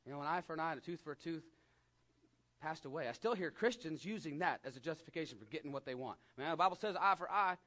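A man with a West Texas accent preaching a sermon in a conversational way, rising to emphatic peaks and dropping to hushed asides. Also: a little high, animated, fast talker. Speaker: pastor.

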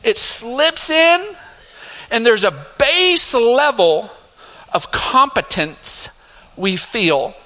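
Bright animated pastor in a reverberant hall. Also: male voice, drawn-out words. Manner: animated, laughing asides, rising to emphatic highs. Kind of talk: sermon storytelling. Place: church sanctuary.

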